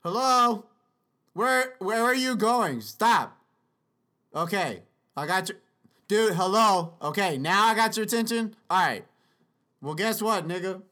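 A man's voice: sits high, measured pace, pauses often, pushed and bright. A man hosting a casual solo podcast, rambling profanely and slipping into sing-song freestyle rap into a podcast mic. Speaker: podcast host.

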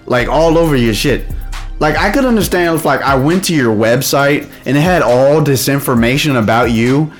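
A man's voice: medium pitch, normal speed, faint music behind. A man ranting in a casual, heated way, rambling and swearing often. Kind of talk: casual profane rant.

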